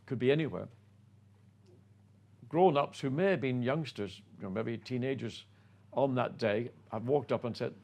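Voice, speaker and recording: A man's voice: mid-range voice, a little mellow. An older man, a former racing driver, telling self-effacing stories from his career as a guest. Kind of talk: reminiscing anecdote.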